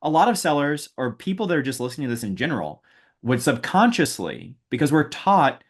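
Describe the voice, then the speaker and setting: A man's voice: on the high side, very animated, a little fast. Reflective male podcast host. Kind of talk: casual podcast interview.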